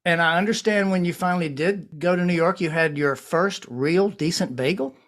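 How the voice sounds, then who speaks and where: A man with a fairly high voice hosts an interview podcast. He asks friendly, folksy questions and reacts with easy enthusiasm. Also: normal speed, a bit bright. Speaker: host.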